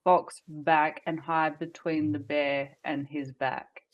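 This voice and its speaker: A woman's voice: low voice, flat delivery, takes it slowly, highs cut off. A woman playing a tabletop game, talking hesitantly and thinking aloud as she decides her moves. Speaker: player.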